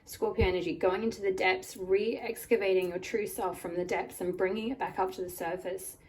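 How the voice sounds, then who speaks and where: A woman with a croaky voice from a cold, giving a rambling pick-a-card tarot reading full of "like" and "um". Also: mid-range voice, fairly even intonation, moderate pace. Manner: rambling, many "like" and "um" fillers. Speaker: tarot reader. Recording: voice a bit far from the mic, faint room noise.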